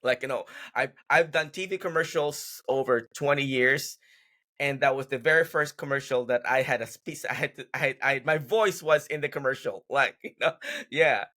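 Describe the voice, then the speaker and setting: Bright, rambling male actor telling stories. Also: mid-range voice, moderate pace. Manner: rambling storyteller, many restarts. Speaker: guest actor. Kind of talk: casual podcast interview. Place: podcast recording.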